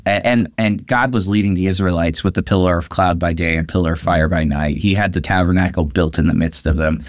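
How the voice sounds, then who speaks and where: Low-voiced pastor talking scripture. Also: male voice, a little fast, no echo, clean studio sound. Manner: animated, acts out quotes with lifted voice. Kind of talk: conversational Bible discussion.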